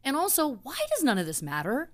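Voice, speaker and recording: A woman's voice: high-pitched, huge pitch swings, brisk. A woman co-hosting a casual true crime podcast, telling the story in a chatty way with indignant asides. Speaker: podcast co-host.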